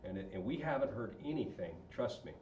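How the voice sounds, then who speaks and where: Here the marriage speaker's voice is fairly low and darkish, with lively intonation and a fairly quick pace, as he chats with a group and keeps putting questions to them. Slight background noise, a distant mic and an echoey room leave the sound dull.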